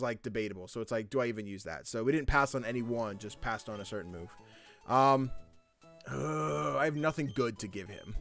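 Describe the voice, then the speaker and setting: A man's voice: medium pitch, fairly bright tone. A man chatting casually while streaming a video game, playful and laughing, swearing now and then. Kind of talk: casual gameplay chat.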